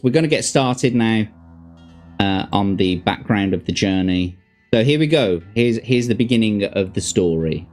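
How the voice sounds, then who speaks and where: A man's voice: medium pitch, dark tone. Birmingham man reading a fantasy gamebook. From Birmingham, England. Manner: casual, stops to chat and correct himself. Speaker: host reading a gamebook on stream. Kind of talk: reading a fantasy gamebook aloud with chat asides.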